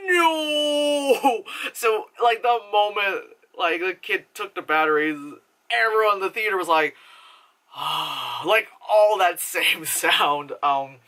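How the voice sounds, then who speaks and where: A woman's voice: lowish voice, measured pace. Young woman rambling through a film review. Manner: rambling, profane, full of filler words; laughs while talking, animated retelling. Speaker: movie reviewer. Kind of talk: casual spoken film review.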